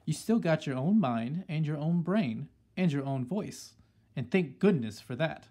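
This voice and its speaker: A man doing a brisk old grandmother. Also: on the high side, lively intonation, dark tone. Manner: brisk, commanding. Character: shrewd, excitable old grandmother.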